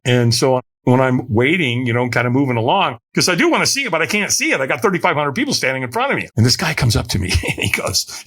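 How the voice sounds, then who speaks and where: A man, a podcast guest, telling a story with energy and acting out the voices of the people in it, sometimes shouting their lines. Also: mid-range voice, big pitch swings, brisk, husky. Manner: acts out quoted voices, shouting some lines. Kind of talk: animated storytelling in conversation.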